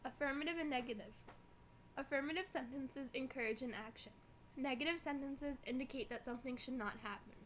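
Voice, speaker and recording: A young woman reading a school presentation from notes, slowing down on the examples. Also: high-pitched, a bit bright, a little hiss or hum. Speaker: student presenter.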